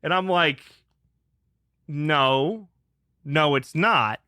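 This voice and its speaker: Talking extremely slowly, this man has a slightly high, smooth voice with a sharp tone. As co-host of a casual podcast, he rants profanely through a heated story, getting more and more worked up, captured in studio quality without echo.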